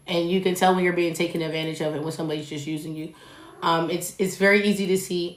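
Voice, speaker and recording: A young woman hosts a solo podcast in a blunt, animated voice and swears freely. She talks straight to her listeners. Her voice rings a little in an echoey room. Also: fairly low pitch. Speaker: podcast host. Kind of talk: casual solo podcast monologue.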